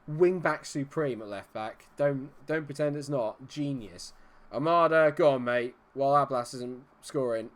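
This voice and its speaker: Casting: male streamer, mid pitch, excitable live game commentary. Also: moderate pace. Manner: excitable, chatty, reacts loudly to plays. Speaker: streamer playing a football management game.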